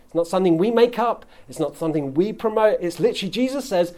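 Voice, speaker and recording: A man's voice: high voice, animated, quick pace, warm tone. A man preaching a sermon as a pastor, earnest and building emphasis on key phrases.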